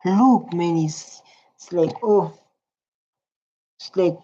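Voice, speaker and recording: A woman's voice: on the low side, very slow, pauses often, mellow, muffled recording. A woman giving casual reaction commentary, rambling and repeating her words. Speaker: reaction video host.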